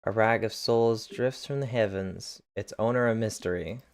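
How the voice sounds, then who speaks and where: A man's voice: lowish voice, moderate pace. A man reading dramatic recap captions aloud in a casual way, stumbling over words now and then. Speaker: reader narrating a webcomic.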